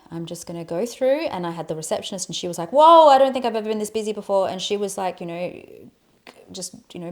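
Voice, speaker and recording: A young adult woman on a podcast, telling a story in a lively, casual way, swearing and acting out quotes in a loud voice. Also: lowish voice. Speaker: podcast co-host.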